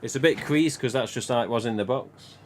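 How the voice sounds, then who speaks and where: On a live stream, a male host and collector talks in a relaxed, rambling way with frequent chuckles. His voice is medium-pitched and fairly quick, with slight background noise.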